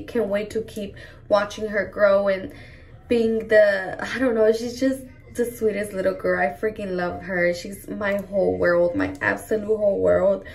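A young mother talks to her camera in a casual vlog, gushing and emotional as she goes. Her voice carries a gravelly fry. She sits a little back from the microphone. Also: mid-range voice, far from the mic. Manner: emotional, gushing, says "y'all" and "like" often. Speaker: mom vlogger.

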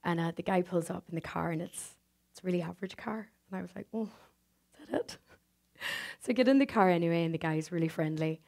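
A woman's voice: on the low side, quick pace, gravelly, darkish tone. An Irish woman giving a motivational stage talk, telling a personal story and acting out the dialogue, with frequent tag questions to the audience. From Ireland. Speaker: speaker.

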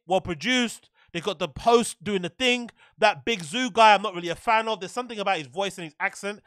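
High, bright-voiced man ranting. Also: no room sound. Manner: animated, exasperated, profane, repeats his questions. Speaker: podcast host. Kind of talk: ranting commentary.

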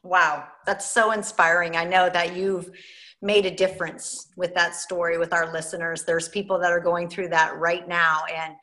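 A woman hosting a podcast interview, giving warm, affirming responses. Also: lowish voice, flat delivery, moderate pace. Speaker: podcast host. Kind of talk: interview chat.

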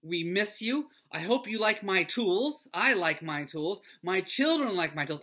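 A middle-aged man, a school pastor, giving a children's devotional talk in a gentle, earnest way that often sinks to a soft near-whisper. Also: high voice, lively intonation, moderate pace, hardly any pauses.

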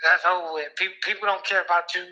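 A man in his thirties, a former football player being interviewed, talking haltingly and emotionally, close to tears, repeating words and restarting often. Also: high-pitched, fairly even intonation, bright, forceful tone. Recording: dull lo-fi audio.

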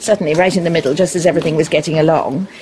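A woman's voice: deep voice, steady tone, very fast, mellow, slight background noise, natural voice. An actress playing a chatty, fond middle-aged mother who fusses over her grown daughter in a radio play. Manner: chatty, breezy, fussing.

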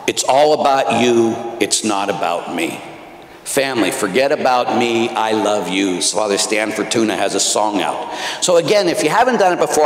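Priest guy preaching to men, gets quiet then big and loud, echoey church. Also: mid-range voice. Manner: exhorting, swings from quiet to loud. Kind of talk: conference talk to men. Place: large church.

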